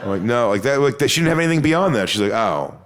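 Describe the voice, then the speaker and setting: A man doing a stand-up set, telling a crude story in a deadpan way and mocking other people with put-on voices. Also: medium pitch, fast talker, background noise. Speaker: stand-up comedian.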